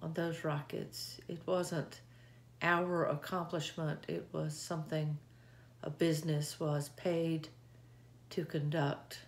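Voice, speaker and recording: A woman speaking in an earnest, heartfelt way, giving a reflective devotional talk with scripture readings, often pausing and restarting. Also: deep voice, flat delivery. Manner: earnest, heartfelt, halting with pauses.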